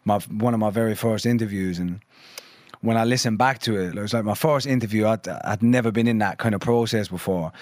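A man's voice: fairly low pitch, fairly quick, darkish tone, no echo, studio quality. A man in his thirties from London and Ireland, a guest musician rambling in casual conversation with lots of fillers and swearing.

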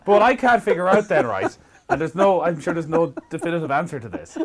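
A man's voice: fairly high pitch, animated, brisk, a crowd in the background. A man, a podcast co-host chatting about parenting, often laughing and mimicking his own exasperated reactions. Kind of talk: casual chat.

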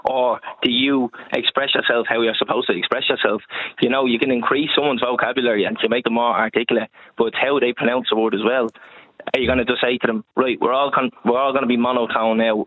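Irish guest, young man, quick and earnest, dry tinny phone line. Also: mid-range voice, no room sound. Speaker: podcast presenter, guest. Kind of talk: radio interview.

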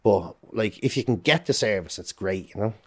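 A middle-aged Irish man talking as a podcast guest, telling his story candidly in a fast, swearing, self-interrupting way. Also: lowish voice, animated. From Ireland.

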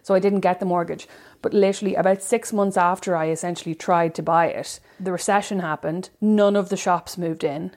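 A woman's voice: fairly low pitch, fairly even intonation, a little fast, hardly any pauses, a little mellow. A woman co-hosting a podcast, telling a story casually with lots of fillers and restarts. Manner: casual, filler-heavy, hesitant. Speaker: podcast co-host. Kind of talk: casual chat.

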